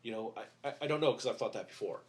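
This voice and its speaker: A middle-aged man speaking candidly as a podcast guest, halting with many fillers and restarts, blunt and a little profane. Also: mid-range voice, darkish tone. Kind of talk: candid interview talk.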